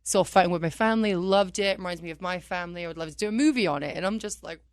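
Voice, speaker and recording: A woman's voice: on the low side, rapid-fire, no room sound, studio quality. A woman guest on a radio talk show, animatedly telling stories from her career, laughing often and acting out quotes. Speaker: wrestler guest. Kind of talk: casual radio interview storytelling.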